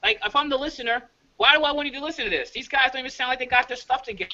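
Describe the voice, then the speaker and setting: A man from New York coaching his team on a video call, talking quickly and emphatically and checking in with "all right?" again and again. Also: very high voice, sharp tone, dull audio. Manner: fast, emphatic, repeats "all right?" often. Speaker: leadership coach.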